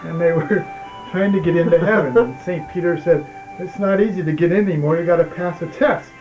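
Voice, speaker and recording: A man telling jokes at a family gathering, as a slow, deliberate storyteller in a living room. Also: fairly high pitch, soft background music. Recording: muffled home video with TV on.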